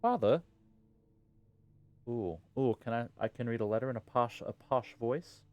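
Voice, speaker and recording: A man's voice: medium pitch, lively intonation, normal speed, darkish tone, dull audio. A man streaming a video game live, muttering and reading on-screen text aloud with slangy jokes. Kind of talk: casual live gameplay commentary.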